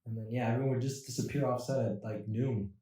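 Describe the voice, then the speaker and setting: A man's voice: medium pitch, fairly even intonation, fast, mellow. A man co-hosting a casual comedy podcast, telling rambling stories with laughs and acted-out dialogue. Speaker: podcast co-host. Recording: very echoey room, far from the mic.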